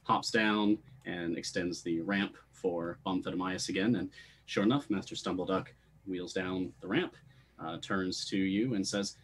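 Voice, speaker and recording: A man narrating as game master of a tabletop game, relaxed with frequent hesitations. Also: sits low, measured pace.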